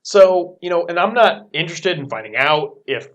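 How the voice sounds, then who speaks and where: Man from las vegas, dry wisecracks, lively varied pitch, comedic scripture podcast. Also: normal speed. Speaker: podcast co-host. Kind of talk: deadpan comedic scripture commentary.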